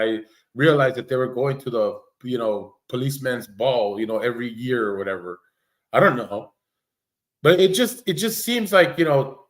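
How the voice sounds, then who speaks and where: A man doing casual livestream commentary, blunt and rambling, swearing freely and restarting his sentences. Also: medium pitch.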